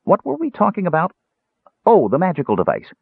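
A man putting on a small male kender, high and perky, excited prattler, thin phone-like sound, dry. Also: gravelly, husky, no room sound, full character voice. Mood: chattering. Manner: excited prattling, eager and hurried. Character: chirpy, cheerful, chattering small male kender. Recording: tinny phone-like band.

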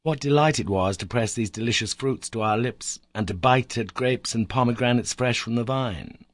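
A man narrating a classic novel in the first person, measured and expressive. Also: mid-range voice, no room sound. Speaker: audiobook narrator.

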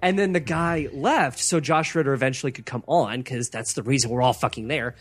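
A man's voice: medium pitch, a little fast, soft background music. A young man ranting in casual chat as a podcast co-host, slipping into mocking voices.

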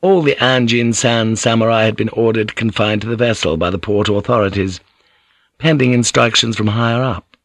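A man with a fairly low voice reads an audiobook, measured and even in his storytelling. The sound is dry and close, with no room around it. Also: dry recording. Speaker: audiobook narrator. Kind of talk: scripted narration.

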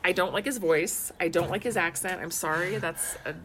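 A woman's voice: lowish voice, normal speed, fairly bright tone. Woman in her thirties, chatty co-host, laughs a lot, casual filler-heavy talk, faint background noise. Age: 30s. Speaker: podcast co-host, mother. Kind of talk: casual chat.

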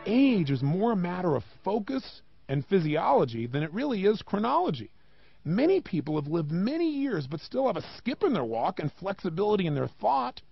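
A man giving a motivational talk, emphatic and animated, with many rhetorical questions and a gravelly voice. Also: high voice, normal speed, muffled recording, faint music behind. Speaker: motivational speaker.

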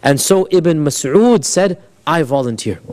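A man teaching a history class in a relaxed, conversational way, his voice sitting a little above the usual male range. He asks his students questions and slips Arabic phrases into his English. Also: fairly high pitch, measured pace. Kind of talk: classroom lecture.

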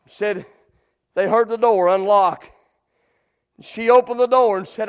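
Preacher, middle-aged man, very high voice, fervent shouted cadence. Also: measured pace, long pauses, smooth. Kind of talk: sermon.

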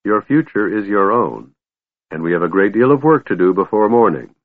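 Narrator doing a solemn old chronicler, hollow ringing cold tone, lowish voice, tinny dry audio. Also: male voice, lively intonation, normal speed. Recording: narrow phone-like audio, dry.

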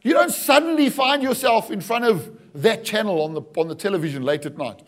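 Pastor, middle-aged man, high voice, animated preaching with jokes and calls to the congregation. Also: brisk. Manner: animated, jokey preaching with acted-out asides and calls of "Amen?". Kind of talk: sermon.

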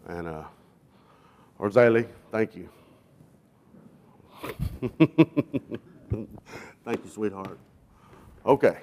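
A man's voice: lowish voice, extremely slow, pauses often, darkish tone. A man from South Arkansas, a guest jail minister giving a sermon testimony with humorous stories. He talks in a folksy, self-deprecating way with frequent fillers. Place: church.

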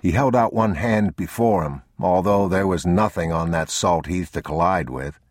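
A man reading a novel aloud as narrator in a measured, unhurried, somber way. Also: sits low, dry recording, studio quality. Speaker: audiobook narrator. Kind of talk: scripted narration.

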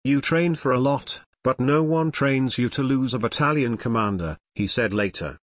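A man reading nonfiction as an audiobook narrator, in a measured, even manner. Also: mid-range voice, dry recording, studio quality.

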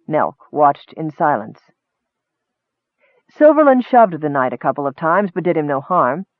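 Man, measured narration, slightly high voice, very dry tinny sound. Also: no echo. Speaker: audiobook narrator. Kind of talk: scripted narration. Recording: tinny phone-like audio.

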